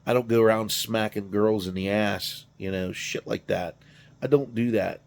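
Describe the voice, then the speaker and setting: Gravelly and on the low side, his voice holds fairly even intonation at a moderate pace. The weary middle-aged garage channel host yawns, curses, rambles, and pokes fun at himself.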